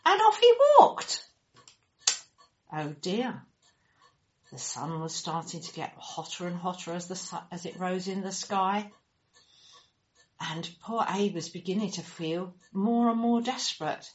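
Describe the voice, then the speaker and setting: A woman telling a children's story in an animated, expressive way, acting out the characters and making sound effects. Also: on the low side, moderate pace, slight background noise. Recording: dull lo-fi recording.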